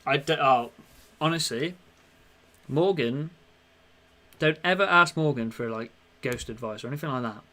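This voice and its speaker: Brief: young man, podcast co-host, lively storyteller, mid-pitched, acts out quotes. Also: normal speed, long pauses. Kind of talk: casual chat.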